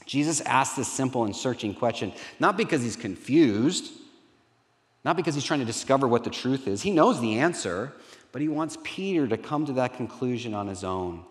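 A middle-aged man, a pastor, preaching a sermon in an earnest way that turns lively when he acts out dialogue. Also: mid-range voice, normal speed. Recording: reverberant hall.

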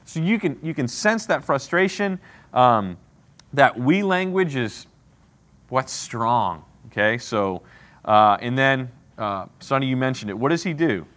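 A man's voice: medium pitch, lively intonation, measured pace, fairly bright tone. A man teaching an interactive Bible lesson, asking the class questions and often checking in with "okay?" and "right?".

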